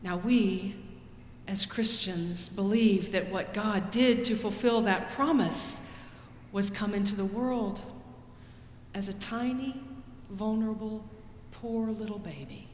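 A woman pastor preaching a sermon in a slow, deliberate way, rising for quoted pleas and dropping soft after them. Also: medium pitch, a little hiss or hum. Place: church sanctuary. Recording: roomy church with long reverb.

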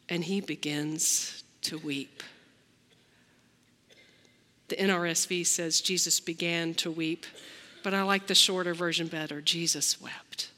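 A woman pastor delivering a slow, reflective sermon, acting out the lines she quotes. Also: mid-range voice, a bit bright, long reverb tail.

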